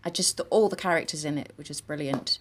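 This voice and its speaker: A woman with a northern English accent, a guest actress telling lively anecdotes with frequent laughter in a casual interview. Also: low-pitched, fairly quick, background noise. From northern England. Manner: chatty, laughs often, animated storytelling.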